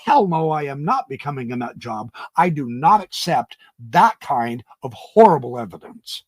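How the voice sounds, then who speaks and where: A man hosts a reaction channel in a sing-song, mid-range voice at a moderate pace, recorded dry. Indignant and emphatic, he often stammers and restarts at the beginning of sentences.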